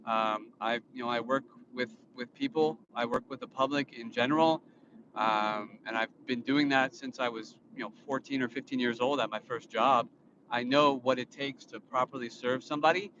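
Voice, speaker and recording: Man, 30s, phone vlog in a car, rambling and indignant, muffled sound over steady road noise. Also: mid-range voice, normal speed. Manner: rambling, with many fillers and restarts; indignant, lecturing tone. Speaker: vlogger and father. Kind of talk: casual vlog monologue. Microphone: phone filming himself. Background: vehicle noise.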